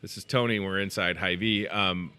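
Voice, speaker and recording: Jokey bright-voiced man hosting in a store. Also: deep voice, fairly even intonation, moderate pace, clear, resonant tone. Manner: jokey, rambling, self-deprecating. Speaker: in-store show host. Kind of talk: casual live show chat. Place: inside a grocery store.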